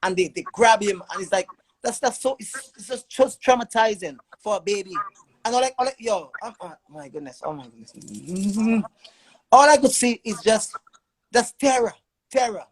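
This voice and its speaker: A man's voice: sits high, moderate pace, rough recording. A man telling his own story as a father in an emotional testimony, urgent and repeating words in long stammering runs.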